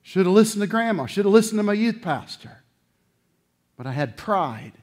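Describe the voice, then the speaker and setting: A middle-aged male pastor preaching a sermon, animated, acting out little voices and swinging between loud outbursts and low asides. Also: normal speed.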